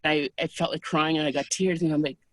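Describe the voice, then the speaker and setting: A woman as an interview guest, calmly recounting personal experiences in a soft, unhurried, hesitant way. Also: sits low, no room sound. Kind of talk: personal storytelling in conversation.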